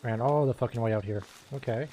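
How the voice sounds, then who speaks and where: A man's voice: medium pitch, brisk, warm tone, a little hiss or hum. A man giving casual commentary while playing a game, thinking aloud, muttering and swearing. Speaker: gaming streamer.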